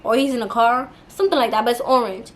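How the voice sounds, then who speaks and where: Speaking fast in a fairly high voice, a young woman shares a storytime on her YouTube channel. She's casual and animated, laughing while she talks and throwing in plenty of slang and swearing.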